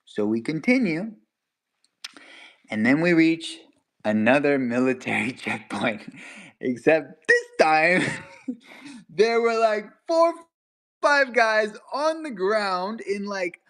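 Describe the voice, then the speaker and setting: A young man telling a story in casual chat, animated, laughing as he goes and acting out quotes with sudden jumps in pitch. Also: takes it slowly, long pauses.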